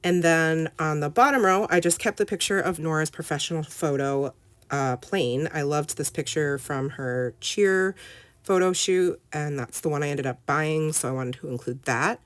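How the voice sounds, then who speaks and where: Crafting on camera, this scrapbooking vlogger, a woman in her thirties, narrates in a relaxed, chatty voice-over packed with fillers like "um" and "like." Her voice sits low, she speaks at a moderate pace, and there is no echo.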